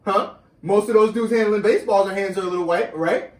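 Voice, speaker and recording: A man's voice: sits high, brisk, darkish tone. A young man co-hosting a casual podcast, hedging with fillers while playfully arguing the other side. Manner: hedging, playful devil's advocate, many fillers. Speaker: podcast co-host. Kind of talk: casual chat. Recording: roomy, distant mic.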